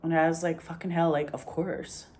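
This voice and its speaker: Low-voiced and darkish in tone, this Scottish woman talks at a normal speed with a flat delivery. She's spinning casual, meandering stories, full of swearing and constant use of "like".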